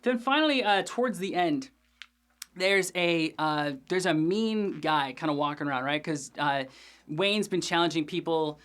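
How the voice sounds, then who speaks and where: A man hosting a casual episode recap, talking in an energetic, chatty way with swearing and many filler sounds. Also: a little high, unhurried. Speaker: show host reviewing an episode.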